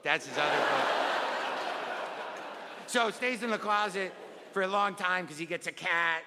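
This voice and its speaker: A man's voice: on the high side, natural voice. A man on a comedy stage voicing a small child earnestly reading a favorite picture book in a naive, sing-song way. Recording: reverberant live club with crowd noise. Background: audience laughter.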